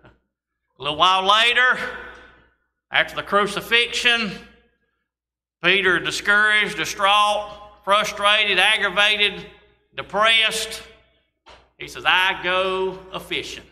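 Pastor, male, folksy sermon delivery, tense bright voice. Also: high-pitched, takes it slowly, long pauses. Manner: folksy preaching with scripture reading and asides. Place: church sanctuary. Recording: long church reverb.

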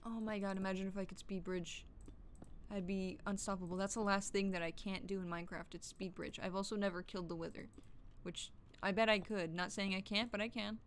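A woman's voice: mid-range voice, fairly even intonation, fairly quick, a little hiss or hum. A woman streamer chatting casually through gameplay, joking and swearing to herself and yelping when startled. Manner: chatty, profane, jokey self-talk; jumpy, yelps when startled. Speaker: gaming streamer.

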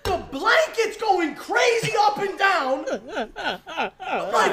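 Young man, high lively voice, loud teasing, roomy sound, crowd chatter. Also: slow pace. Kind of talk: casual reaction chat.

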